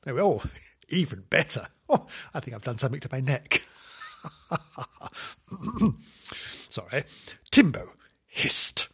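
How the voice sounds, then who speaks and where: A man's voice: medium pitch, very animated, slow pace, pauses often, a bit bright, slightly rough. A man reading a children's story aloud in a playful, sing-song way, breaking off into cheeky asides and mock apologies to the children.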